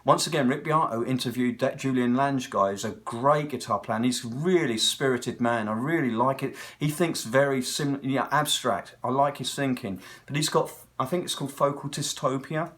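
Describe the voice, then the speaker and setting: A man's voice: medium pitch, moderate pace, few pauses, a bit bright. A man in his sixties with a British accent, a guitar technician talking in a casual, rambling monologue that hops from one tangent to the next. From Britain. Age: 60s. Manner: digressive, talkative, tangent-hopping storyteller.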